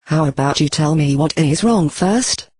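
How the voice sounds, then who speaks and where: A text-to-speech voice reading the lines of a gentle, doting pegasus mother from a storybook, in a flat, even synthetic delivery. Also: medium pitch, unhurried, slightly rough, dry recording.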